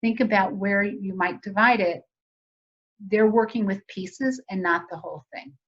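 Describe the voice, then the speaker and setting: Woman presenter, mid-pitched, walks teachers through a method on a slightly muffled video call. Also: a little slow, fairly bright tone. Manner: conversational, explanatory, asks audience questions. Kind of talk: virtual teacher training webinar.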